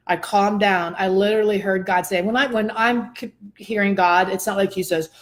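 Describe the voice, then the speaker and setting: A woman host telling a personal story in a casual chat, animated and expressive, often laughing. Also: mid-range voice, moderate pace, few pauses.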